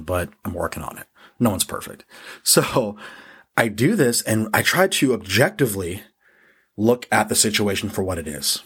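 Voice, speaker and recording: Podcast guy w a low husky voice, blunt and sweary, pokes fun at himself, casual pep talk. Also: lively intonation, normal speed, fairly bright tone. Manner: profane, blunt, self-deprecating. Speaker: podcast host. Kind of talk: casual motivational monologue.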